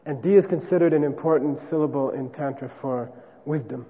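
A man's voice: fairly high pitch, fairly quick, warm tone, long reverb tail, highs cut off. A man teaching a class casually, often checking with "okay?" and demonstrating chants aloud.

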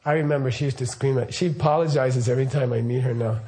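Talking fast in a warm, mid-range voice with fairly level intonation, a middle-aged Buddhist teacher rambles through a casual teaching. He keeps questioning his listeners and peppering his speech with "okay" and "right."

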